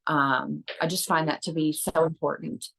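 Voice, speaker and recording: A woman's voice: sits low, fairly even intonation, normal speed, vocal fry, a bit bright, breathy edge, rough recording. A woman giving an earnest, rambling motivational talk at a team meeting, with many fillers and restarts. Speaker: team member sharing at an online meeting.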